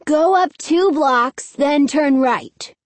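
A woman voicing a boastful young boy who talks loudly and sneers, in a storybook reading. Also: sits high, slow, no room sound, pitched above the performer's own voice. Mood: brash. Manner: loud, sneering.

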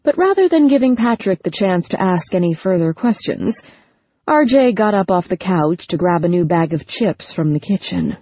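Husky-voiced woman narrating an audiobook. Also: lowish voice, lively intonation, moderate pace, warm tone, no room sound, highs cut off. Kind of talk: scripted narration.

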